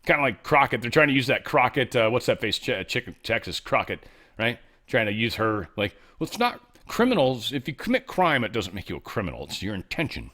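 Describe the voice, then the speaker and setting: A man's voice: mid-range voice, big pitch swings, brisk, a bit bright. A man hosting a talk show, commenting on news in a casual, sarcastic, jokey way, dropping into mumbled asides. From United States. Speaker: podcast host.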